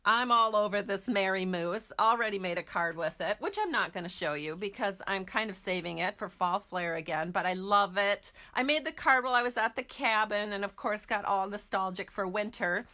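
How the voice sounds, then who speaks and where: A woman's voice: medium pitch, normal speed, few pauses, pushed and bright. A middle-aged woman from Minnesota hosting a casual craft product walkthrough, chatty and gushing, with frequent fillers. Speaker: host.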